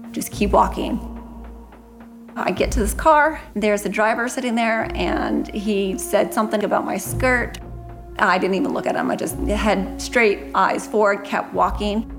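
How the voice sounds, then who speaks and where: A woman tells a frightening personal story with earnest urgency. Her voice sits at an ordinary middle pitch. Music plays clearly underneath her. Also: normal speed. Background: background music.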